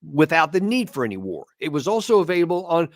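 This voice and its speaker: A man's voice: fairly high pitch, sing-song, fast, no room sound, clean studio sound. Emphatic man commenting on politics. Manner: emphatic, repeats words when stressing a point. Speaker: host.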